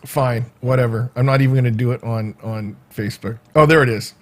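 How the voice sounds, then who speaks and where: A man hosting his own livestream, chatting casually and rambling in a self-mocking, animated way. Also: medium pitch, fairly quick. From United States. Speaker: livestream host. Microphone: home livestream mic.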